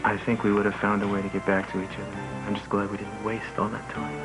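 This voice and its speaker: A man's voice: fairly low pitch, monotone, fast talker, natural voice, poor audio. A young man playing a playful romantic husband. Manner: easygoing, teasing, affectionate. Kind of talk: television soap opera acting. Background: loud background score music.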